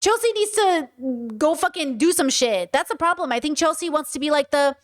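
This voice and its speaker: Brief: high-pitched woman host, loose, swearing, jokey reaction talk. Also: brisk. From United States. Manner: animated, profane, joking. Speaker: commentator reacting to a video. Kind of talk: casual reaction commentary. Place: living in Croatia.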